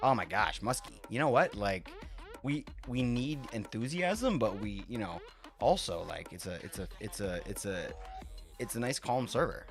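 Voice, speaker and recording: A man's voice: lowish voice, expressive, moderate pace, faint music behind. A man chatting casually with his live-stream viewers while he builds in a game, rambling, laughing often and swearing freely.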